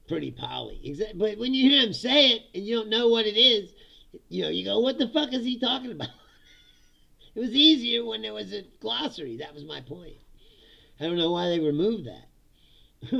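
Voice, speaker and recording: A man's voice: a little high, vocal fry, bright, forceful tone, dull audio. A middle-aged man hosting his own live stream, chatting casually in a rambling way, laughing often and swearing freely. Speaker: host.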